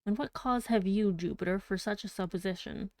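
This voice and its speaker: A woman reading the lines of a polite, curious gentleman narrator who asks questions in a formal way. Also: mid-range voice, a little fast, dry recording, lightly acted. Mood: inquiring. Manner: formal, inquiring. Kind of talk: audiobook reading.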